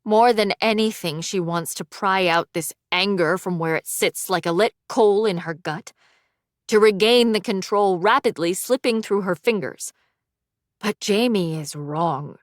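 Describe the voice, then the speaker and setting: A woman narrating an audiobook with a measured, even reading. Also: medium pitch, no room sound, clean studio sound. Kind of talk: scripted narration.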